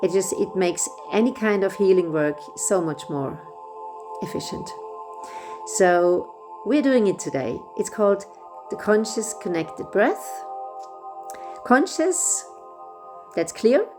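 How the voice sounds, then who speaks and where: A middle-aged woman whose first language is German, guiding a breathwork session in a gentle, unhurried way with small restarts. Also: medium pitch, lively intonation, music in the background. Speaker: breathwork facilitator. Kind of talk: guided breathwork instruction.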